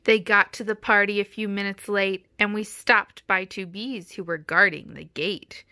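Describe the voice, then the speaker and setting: A woman's voice: mid-range voice, steady tone, moderate pace, pushed and bright, dry recording, studio quality. A woman reading a rhyming children's picture book aloud in a rhythmic storytelling manner. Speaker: storybook reader. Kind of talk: children's read-aloud narration.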